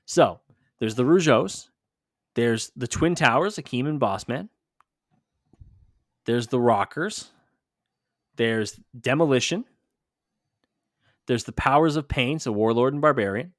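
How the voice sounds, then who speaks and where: A man's voice: medium pitch, expressive, dry recording, clean studio sound. A man co-hosting a podcast in casual chat, quizzing his partner and reeling off lists of names. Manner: quizzing, listing names quickly. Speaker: podcast co-host.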